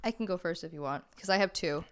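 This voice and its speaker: A young woman co-hosting a podcast, telling stories in a chatty, animated way with lots of fillers. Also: fairly low pitch, quick pace, clear, resonant tone. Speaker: podcast co-host. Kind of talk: casual chat.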